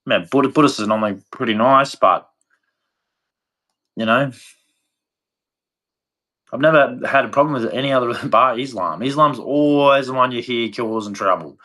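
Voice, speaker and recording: A man's voice: medium pitch, normal speed, long pauses, bright, forceful tone. Blunt Australian man ranting. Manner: blunt, rambling, swears freely. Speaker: vlogger. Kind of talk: casual opinion rant to camera.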